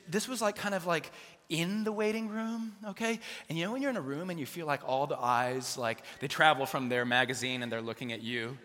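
A man's voice: fairly high pitch, sharp tone, big-room sound. A man preaching a sermon as pastor, telling stories with playful asides and acted-out dialogue. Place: large church sanctuary.

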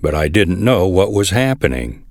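A man's voice: deep voice, sing-song, normal speed, darkish tone, no room sound, clean studio sound. A man reading aloud voices an eager young messenger who pleads earnestly.

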